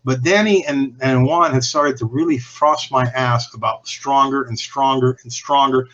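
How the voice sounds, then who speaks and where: A man's voice: medium pitch, moderate pace, a bit bright, dull audio. Candid, profane man telling stories. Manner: candid and profane, often restarting and trailing off. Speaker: podcast guest from a cigar company. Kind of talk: casual anecdotal storytelling.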